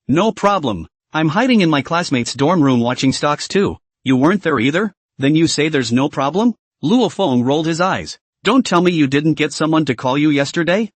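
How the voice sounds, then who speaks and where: A man reading a comic story recap, his voice sitting a little high and swinging up and down with lively intonation. He keeps the same narrating voice for every character. The recording is close and dry, with no room sound. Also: dry recording. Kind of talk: scripted narration.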